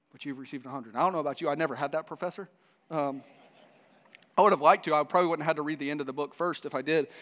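A man's voice: a little high, fairly bright tone. Man preaching in a reverberant hall. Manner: storytelling with many restarts, voices the dialogue. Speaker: pastor. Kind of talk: sermon.

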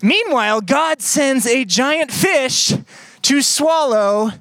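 A man preaching a lively sermon, joking with the crowd and acting out the story in voices. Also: very high voice, takes it slowly, no room sound. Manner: playful, animated storytelling with acted-out voices. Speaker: pastor. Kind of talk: sermon with audience skit.

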